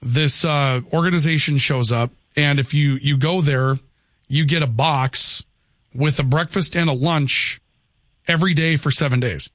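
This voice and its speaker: Male call-in radio host, teasing banter, slightly high voice, dry booth sound. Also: fairly bright tone, no room sound. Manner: brisk, teasing banter with callers. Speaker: radio talk show host.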